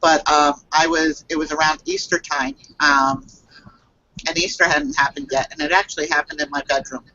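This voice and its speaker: A woman who works as a psychic reader tells a personal story on a video call, halting and earnest, with many fillers and restarts. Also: deep voice, expressive, pushed and bright, no echo, muffled recording.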